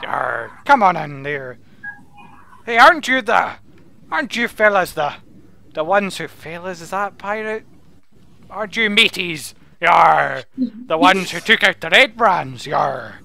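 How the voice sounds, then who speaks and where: Brief: man doing a hearty old half-elf who talks like a pirate, rough voice, bright tone. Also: high voice, lively intonation, unhurried, full character voice. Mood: jovial. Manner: hammy pirate growl, full of "arr" and "yar". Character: old silver-haired male half-elf orchard keeper talking like a pirate.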